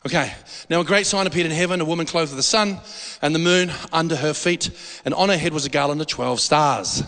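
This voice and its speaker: A man preaching a sermon in a church hall, animated and jokey, asking the congregation questions. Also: a little high, fairly quick. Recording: long hall reverb.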